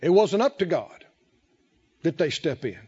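A man preaching a sermon, drawing the congregation in with questions and emphatic, drawn-out phrases. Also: fairly high pitch, very animated, mellow, breathy edge, lo-fi sound. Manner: call-and-response preaching, rising and falling emphasis, drawn-out phrases.

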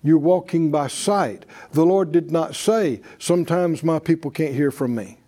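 A man's voice: a little high, a little slow, dark tone. A man preaching a sermon, leading the congregation in call-and-response.

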